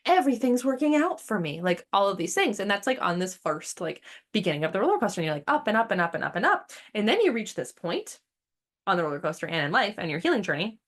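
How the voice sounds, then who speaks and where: A woman's voice: fairly low pitch, fast talker. A woman hosting a spiritual podcast in a casual, blunt way, swearing freely and wandering into sidetracks. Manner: blunt and profane, animated; chatty, with fillers and sidetracks. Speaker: podcast host.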